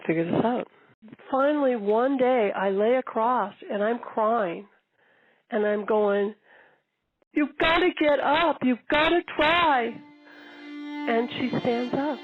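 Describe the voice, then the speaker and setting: An older woman telling her story in a documentary interview, lively and repeating phrases for emphasis. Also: medium pitch, slightly rough, dry recording, narrow, tinny audio. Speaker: long-distance horseback rider.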